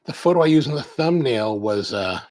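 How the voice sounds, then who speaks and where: A man's voice: mid-range voice, expressive, fairly quick, a little mellow, low-quality recording. A middle-aged man hosting a coffee channel, rambling casually through a live-stream chat while he unboxes a package. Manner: rambling, chatty storyteller.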